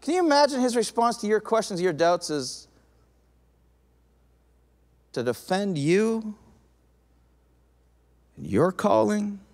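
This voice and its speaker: A male pastor preaching a sermon, acting out quoted voices in an animated way. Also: high voice, takes it slowly, pauses often. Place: church auditorium. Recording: long hall reverb.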